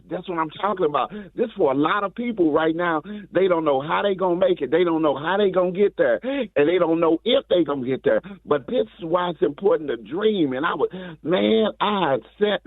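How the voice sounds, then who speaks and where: A man's voice: on the high side, lively intonation, dry recording. A man calling in to a morning radio show, rambling and preachy, humming as he talks. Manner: rambling, preachy, drawn-out hums. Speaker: caller, comedian filling in. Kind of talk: comic phone bit. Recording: dry tinny phone line.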